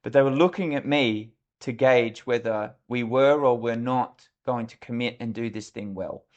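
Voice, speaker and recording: A man's voice: medium pitch, fairly even intonation, normal speed, highs cut off. Australian man, middle-aged, podcast guest; candid storyteller with a mid-range voice. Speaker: leadership consultant, podcast guest.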